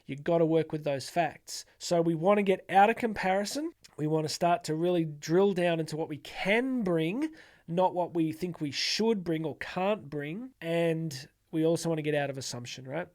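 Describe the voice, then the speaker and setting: A middle-aged man delivers an energetic motivational talk straight to camera. His voice sits a little high for a man, and he slips into quick acted-out voices of doubting people. He often repeats words as he restarts his sentences. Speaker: motivational speaker.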